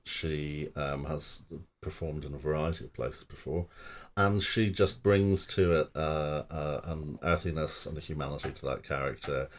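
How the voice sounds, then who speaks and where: A man's voice: rumbling low, normal speed, slight background noise. A man in a casual podcast chat, enthusiastically promoting a theatre production, rambling and restarting his sentences. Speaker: company member promoting a play.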